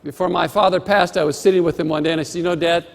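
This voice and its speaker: A man's voice: high-pitched, fairly even intonation, very fast, vocal fry. A man giving a motivational keynote speech with emphatic, rhythmic repetition, on a stage microphone in a large conference hall. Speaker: motivational speaker. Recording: long hall reverb.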